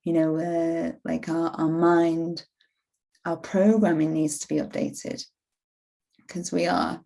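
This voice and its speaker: Forty-something lady vlogging about self-help, kinda gravelly, mellow and rambly. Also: low-pitched, little pitch movement, slow. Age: 40s. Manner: rambling, with frequent "you know" and restarts. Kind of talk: reflective motivational talk to camera.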